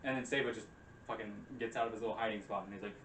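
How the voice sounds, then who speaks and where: A man's voice: lowish voice, fairly even intonation, racing, fairly bright tone, a little hiss or hum. A young man casually retelling a game story, rambling, swearing often and acting out the characters' lines. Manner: rambling, profane, acts out quotes. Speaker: game recap presenter. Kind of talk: casual chat. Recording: roomy room, distant mic.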